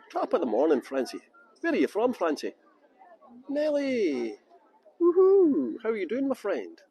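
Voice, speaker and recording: A man's voice: high-pitched, wildly swooping pitch, unhurried, pauses often, a little mellow, slight background noise, rough recording. A middle-aged Scottish man guiding a live-streamed tour outdoors, chatting and joking as he greets viewers by name. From Scotland. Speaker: tour guide.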